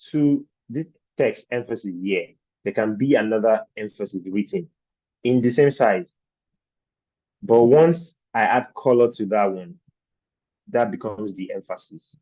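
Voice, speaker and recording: A man's voice: lowish voice, warm tone, no room sound, highs cut off. A man teaching design principles in a virtual training session, explaining patiently and asking rhetorical questions of his class. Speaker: design instructor.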